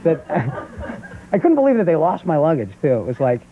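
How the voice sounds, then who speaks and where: A man in his thirties with a New York accent, a comedian guest on a talk show telling stories and jumping into loud character voices. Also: a little high, wildly swooping pitch, fairly quick. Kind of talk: talk show stand-up storytelling. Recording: tinny phone-like old VHS audio with faint hiss.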